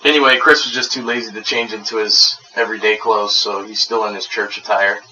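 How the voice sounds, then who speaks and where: A man co-hosting a casual podcast, crude and quick to laugh, often stumbling and restarting. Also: on the low side, fairly even intonation, sharp tone, lo-fi sound. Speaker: podcast co-host. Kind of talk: casual chat. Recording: distant mic with background noise.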